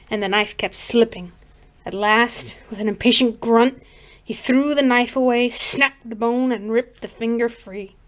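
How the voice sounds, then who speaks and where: A woman reading a horror book aloud in a deliberate manner. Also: a little high, poor audio. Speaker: reader. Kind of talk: audiobook narration.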